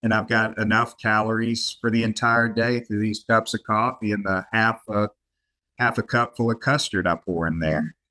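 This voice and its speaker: A middle-aged man, chatting on a podcast and reading his own poems aloud in an even, measured way. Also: lowish voice. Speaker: guest poet. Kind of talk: podcast chat and poetry reading.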